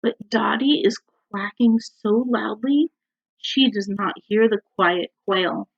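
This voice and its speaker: A woman's voice: mid-range voice, gravelly. A woman teacher reading a picture book aloud to young children at home, stopping to ask them questions. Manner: slow, animated, asks the children questions. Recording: dull lo-fi recording.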